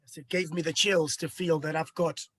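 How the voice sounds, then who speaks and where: A man's voice: on the high side, fairly even intonation, normal speed, fairly bright tone, breathy edge, dry recording. A man interviewing a professor, courteous and appreciative as he asks questions and thanks his guest.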